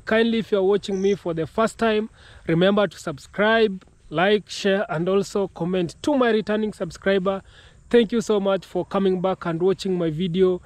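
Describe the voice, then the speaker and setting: A man from Kenya hosts a reaction video in a high voice, talking slowly and haltingly with frequent restarts. The sound is very dry and close. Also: a little mellow, no echo. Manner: slow, halting, many restarts. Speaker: YouTube reaction host. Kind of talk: casual reaction commentary.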